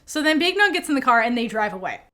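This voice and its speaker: Animated woman podcaster with a lively voice. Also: fairly high pitch, fast. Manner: animated, acts out characters' lines with lots of swearing and laughter. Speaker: podcast co-host. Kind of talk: casual recap chat.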